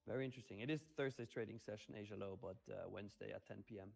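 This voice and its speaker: A man's voice: on the low side, very fast, vocal fry, a little mellow. A man hosting a livestream in casual chat, upbeat and playful as he reads out viewer comments and hypes the audience. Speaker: livestream host reading chat.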